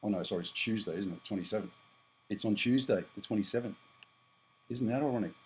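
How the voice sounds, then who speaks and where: A man's voice: fairly low pitch, fast, a little mellow, a little hiss or hum, poor audio. Blunt rambling Australian man in his fifties. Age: 50s. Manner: blunt, rambling, self-correcting. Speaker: prepper vlogger. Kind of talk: casual monologue to camera.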